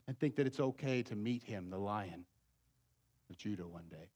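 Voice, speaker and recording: A man preaching a sermon as pastor, pleading and emphatic, swinging between loud urgent passages and quiet low asides. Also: normal speed, husky.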